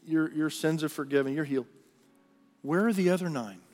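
A pastor voicing a calm, gentle teacher. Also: male voice, a little high, a little fast, long reverb tail, lightly acted.

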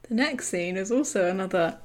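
A young woman co-hosting a podcast, chatting excitedly as she recaps a TV episode. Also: mid-range voice, a little fast. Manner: chatty, excitable, acts out character quotes. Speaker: podcast co-host. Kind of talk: casual TV recap chat.

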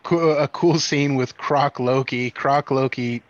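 A man's voice: medium pitch, fairly even intonation, takes it slowly, no echo. Man chiming in on a podcast, dull sound. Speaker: podcast co-host. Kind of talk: casual chat.

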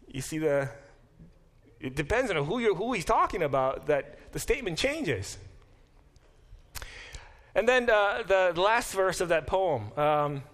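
A middle-aged man teaching a Bible class to students, thinking aloud with quick restarts and questions to the room. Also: high-pitched, big pitch swings, fairly bright tone. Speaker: Bible professor. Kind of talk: classroom lecture.

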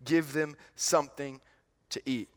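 A man voicing a calm male teacher who gives a gentle but firm command, speaking low and soft. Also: unhurried, in a large hall, lightly acted.

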